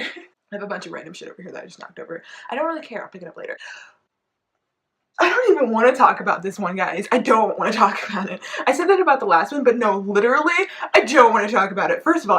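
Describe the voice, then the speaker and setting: Bright, excitable woman shrieking and swearing. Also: mid-range voice, rough recording. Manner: rambling, filler-heavy storytelling. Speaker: YouTube reaction vlogger. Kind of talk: reaction commentary.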